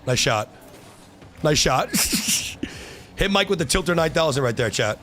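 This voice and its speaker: A young man streaming a car-soccer match, trash-talking opponents and yelling at his teammates. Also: a little high, expressive, a little slow, soft background music. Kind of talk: live gameplay commentary.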